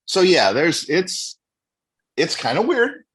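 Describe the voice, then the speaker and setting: A man's voice: on the high side, big pitch swings, slow pace, fairly bright tone. A middle-aged man co-hosting a podcast, chatting casually and repeating words like "interesting.". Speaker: podcast co-host. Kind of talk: casual chat.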